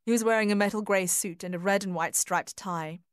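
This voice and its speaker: A woman reading a novel aloud as audiobook narrator, measured and even. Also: mid-range voice, clear, resonant tone, no echo, studio quality. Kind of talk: scripted narration.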